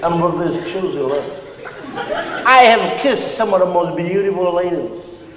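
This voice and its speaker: A smug, tipsy Samoan uncle , played by a man, croons syrupy compliments in a Samoan accent. He drawls slowly in a slightly raised voice. The sound is echoey and far-reaching, with loud background noise. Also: sits high, a crowd in the background. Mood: crooning, flirty. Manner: syrupy, flowery flirting with grand romantic lines. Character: tipsy middle-aged Samoan uncle, smug self-styled ladies' man. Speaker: comedian in character. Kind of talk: live comedy character act.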